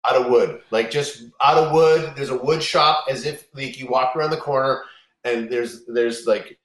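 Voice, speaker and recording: A man with a medium-pitched, fairly bright voice tells a long road story at a moderate pace during casual chat. He rambles, swears often, and keeps restarting his sentences. There is a roomy echo.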